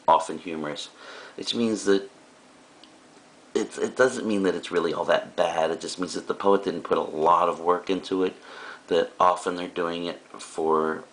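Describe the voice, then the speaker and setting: A man with a very low, deep voice talks through a recorded classroom lecture. He explains things casually and often stops for fillers and side remarks, like a teacher speaking to his students. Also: a bit bright.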